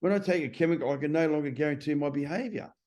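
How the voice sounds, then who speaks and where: A man's voice: a little high, rapid-fire, dark tone. An Australian man hosting a casual podcast chat, telling blunt stories with some swearing.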